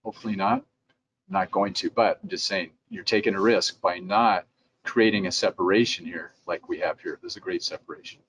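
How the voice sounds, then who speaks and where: A middle-aged man with a fairly low voice gives an instructional talk in a relaxed, conversational way. His delivery is practical and direct, and now and then he slips into quoted replies. A faint ambient hiss sits behind him. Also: normal speed, vocal fry. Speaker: dental lab president giving a training talk. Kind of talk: instructional presentation.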